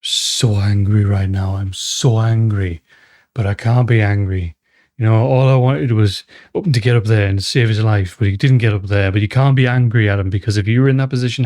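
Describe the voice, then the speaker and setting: A man hosting a live movie reaction, talking emotionally to the screen and swearing as he watches. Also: medium pitch. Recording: noisy with loud film audio.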